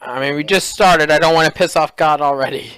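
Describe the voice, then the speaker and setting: A man's voice: a little high, a little fast, a bit bright. A man playing in a tabletop game, chatting casually and then announcing the schedule. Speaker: player and stream organizer. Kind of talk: casual tabletop role-play chat.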